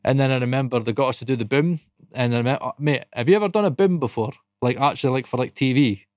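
A man from Dundee with a Scottish accent, co-hosting a podcast and telling a casual story, animated and swearing freely. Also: medium pitch, fast, dry recording, clean studio sound. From Dundee, Scotland. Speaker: podcast co-host.

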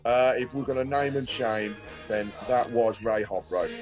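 Easygoing guy on a football chat panel, mid voice, music clear behind him. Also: medium pitch, moderate pace. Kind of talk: casual football chat show.

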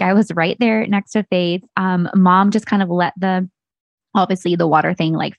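A woman in her thirties chats through a casual solo story, rambling and circling back with plenty of fillers. Her voice has a gravelly, fry-tinged edge. The sound is dry and close. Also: medium pitch, dry recording. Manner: chatty, rambling, full of "like" and restarts. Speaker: podcast host and business owner.

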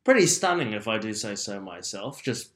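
A man's voice: fairly low pitch, sing-song, moderate pace, a bit bright. A young man co-hosting a casual podcast chat, camp and teasing in his banter. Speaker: podcast co-host.

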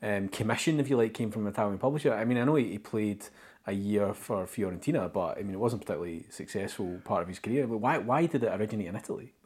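A man's voice: on the low side, racing, a little mellow, husky. A man interviewing a guest, asking questions in a thoughtful, slightly hesitant way.

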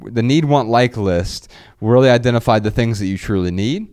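A man's voice: mid-range voice, normal speed, a little mellow, clear, resonant tone. A man co-hosting a podcast, chatting casually and rambling, often restarting his phrases. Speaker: podcast co-host.

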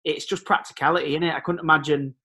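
A man's voice: fairly high pitch, steady tone, fast, sharp tone. A man chatting casually, hesitant and full of restarts. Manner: hesitant, lots of ums and restarts. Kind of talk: casual chat.

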